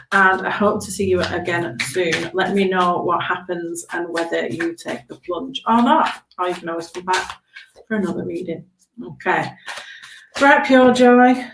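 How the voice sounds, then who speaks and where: A woman's voice: on the low side, vocal fry, echoey room, slight background noise, low-quality recording. A woman giving chatty, reassuring tarot readings on a live stream, often checking in with okay. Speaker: tarot reader.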